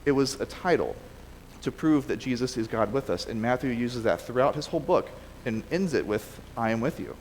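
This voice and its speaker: Speaking a little fast at a middle pitch, a male preacher delivers a relaxed, conversational sermon with scripture reading in a church sanctuary. He frequently restarts sentences and corrects himself mid-thought. A long hall reverb surrounds his voice, with faint noise underneath.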